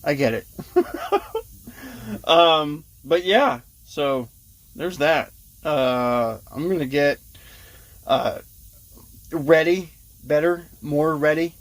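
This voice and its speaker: A man with a slightly higher voice than most men, chatting to his camera in a loose, rambling way. He fills his talk with "uh" and "you know" and laughs between lines. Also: very slow, long pauses, no echo. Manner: rambling, frequent fillers and laughs. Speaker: vlogger. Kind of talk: casual vlog storytelling.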